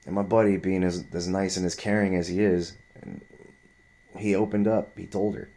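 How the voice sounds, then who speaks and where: A man's voice: low voice, level tone, moderate pace, warm tone. A man in his twenties telling a story in a heated, profane, rambling rant. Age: 20s.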